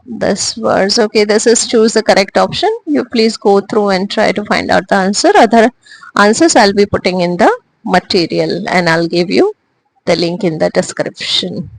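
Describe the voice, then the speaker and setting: A woman teacher, giving a recorded lesson slowly, with frequent hesitations and restarts. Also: mid-range voice, vocal fry, a little hiss or hum, rough recording. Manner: slow and deliberate, with frequent "uh" and restarts. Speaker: English teacher.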